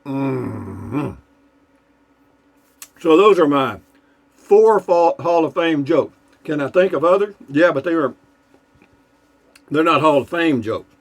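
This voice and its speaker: A man's voice: on the high side, animated, slow, vocal fry, long pauses. A man tells jokes in a loose, folksy, rambling way. He fills his talk with asides and stops to toast and sip a beer between jokes. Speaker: joke-telling vlogger. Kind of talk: casual joke telling.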